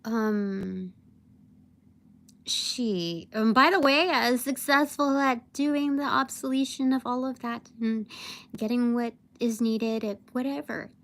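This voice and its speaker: Young woman, slightly high voice, vlogger who rambles and vents in a loose storytelling style. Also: takes it slowly. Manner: rambling, animated, many fillers, mimics her boss. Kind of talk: casual livestream storytelling.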